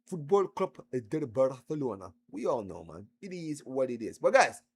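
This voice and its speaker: A man's voice: mid-range voice, sing-song, moderate pace, darkish tone, husky. A man hosting a live football stream, heckling and trash-talking viewers in chat.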